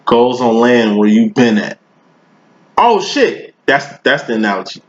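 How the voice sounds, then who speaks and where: A man's voice: mid-range voice, fairly even intonation, normal speed. Man giving a slangy tarot reading. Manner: loose, slangy and profane, with rambling analogies. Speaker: tarot reader. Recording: roomy, dull lo-fi recording.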